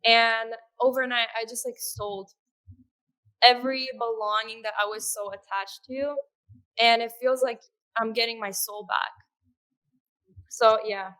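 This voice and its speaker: A woman speaking as a podcast guest in an earnest, conversational way, with soft laughs and fillers. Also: fairly high pitch, steady tone, measured pace, long pauses, smooth. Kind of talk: conversational interview.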